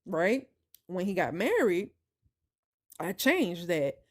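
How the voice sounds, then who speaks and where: A woman hosting a podcast, telling a personal story in an emphatic, animated way and talking straight to her listeners. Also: on the low side, slow pace. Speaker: podcast host.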